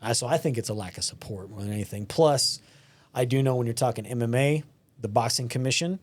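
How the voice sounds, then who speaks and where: Texan male podcast host, casual and animated, acts out quotes. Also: mid-range voice, fast. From West Texas. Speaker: podcast host and gym owner.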